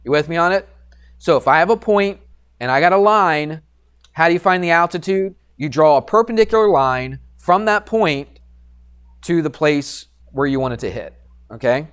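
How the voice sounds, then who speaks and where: A man's voice: fairly high pitch, lively intonation, moderate pace, fairly bright tone, clear, resonant tone. A male math teacher giving a casual classroom geometry lesson, joking about himself and constantly asking the students questions. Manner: casual, self-deprecating, keeps quizzing the class.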